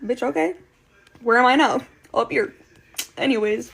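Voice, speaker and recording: Casting note: woman with a higher-pitched voice, casual storytime vlogger, blunt and slangy, swears a lot. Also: normal speed, vocal fry, a bit bright, husky. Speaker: storytime creator.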